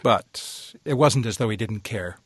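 A male radio host reading a scripted introduction and asking interview questions in a smooth, even broadcast manner. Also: fairly low pitch, measured pace, dry recording, clean studio sound.

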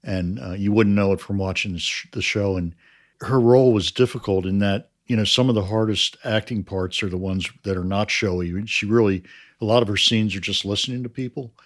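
Man, lowish voice, measured, explanatory, interview guest. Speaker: writer of a crime series. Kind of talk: interview answers.

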